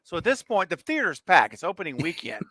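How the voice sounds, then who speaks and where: A bright, forceful male voice tells a story with energy and frequent laughs. He is in his forties and chats casually on a livestream, recorded dry and close with no room sound. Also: fairly high pitch, a little fast, dry recording. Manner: animated storyteller, laughs often. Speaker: co-host.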